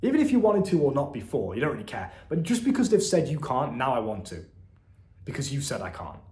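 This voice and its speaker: A man's voice: mid-range voice, wildly swooping pitch, quick pace, dark tone, echoey room. A young man in his twenties giving a blunt, profane motivational monologue to the camera, calling the listener "bro.". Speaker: self-help content creator.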